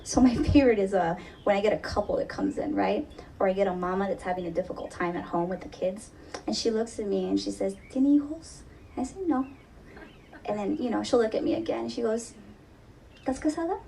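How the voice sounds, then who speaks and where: Gravelly-voiced woman therapist, candid. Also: medium pitch, fast, warm tone, distant mic, a little hiss or hum. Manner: candid, humorous, laughs often. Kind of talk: live podcast panel talk.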